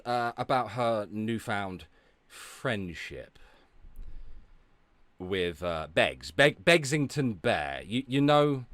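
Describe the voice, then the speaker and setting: A man's voice: lowish voice, clean tone, no echo. A man streaming live, ranting with heavy swearing and sarcasm and stopping to thank viewers for donations. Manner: profane, sarcastic, loud outbursts. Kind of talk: ranting livestream chat.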